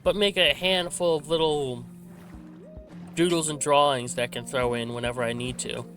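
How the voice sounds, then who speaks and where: Bright-voiced rambling gaming vlogger. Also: male voice, on the high side, fairly even intonation, normal speed, faint music behind. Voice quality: slight stutter. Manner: rambling, self-correcting, frequent restarts. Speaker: gaming channel host. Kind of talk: laid-back rambling commentary while playing. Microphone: desk microphone with a simple filter.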